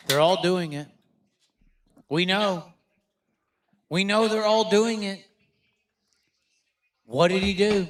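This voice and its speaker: A rowdy man hosting a live stream in a high, reedy voice, joking crudely and bursting into excited exclamations. He talks loosely and casually, like he is hanging out with his viewers. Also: slow, pauses often. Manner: excitable, with sudden outbursts. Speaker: livestream host.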